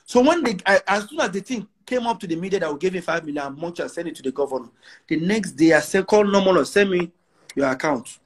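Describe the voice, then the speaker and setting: A man's voice: sits high, animated, quick pace, breathy edge. A brash, defiant man with a Nigerian accent, talking boastfully in an interview and repeating phrases for emphasis. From northern Nigeria.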